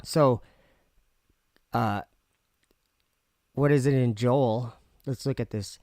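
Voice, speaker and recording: A man casually reading scripture aloud and musing on it for his viewers, pausing and restarting as he goes. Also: medium pitch, a little mellow, dry recording, studio quality. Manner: reads aloud with pauses and restarts. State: talking with candy in his mouth. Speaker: video host.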